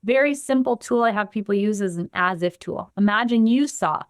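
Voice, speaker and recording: Expressive woman explaining to a host. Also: mid-range voice, moderate pace, no echo, studio quality. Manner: animated, acts out the quotes she gives. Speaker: guest, somatic trauma practitioner. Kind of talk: explanatory podcast conversation.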